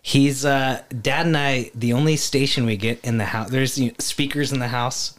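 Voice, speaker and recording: A man's voice: medium pitch, normal speed. A man in casual podcast chat, telling a rambling story and swearing freely. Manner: animated storyteller, swears often, acts out voices.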